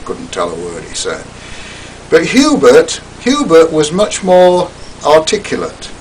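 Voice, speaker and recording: An older man giving a talk, recounting a personal story in a theatrical, wry way that drops to hushed asides. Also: medium pitch, recorded from a distance, slight background noise, rough recording.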